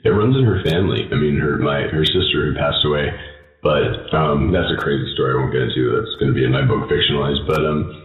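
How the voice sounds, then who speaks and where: A man's voice: rumbling low, fast. A man hosting a radio talk show, chatting in an easygoing way with his guests. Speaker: host. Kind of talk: casual interview chat. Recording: echoey, tinny phone-line sound.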